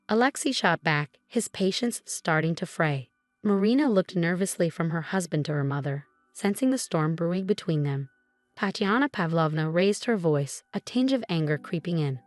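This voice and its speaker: A woman reading a scripted story as narrator, with an even storytelling delivery. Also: on the low side, moderate pace, dry recording, faint music behind.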